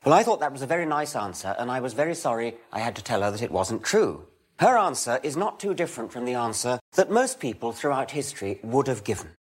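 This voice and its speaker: An older man giving a public science lecture in a dry, wry, measured way. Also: mid-range voice, sing-song, husky.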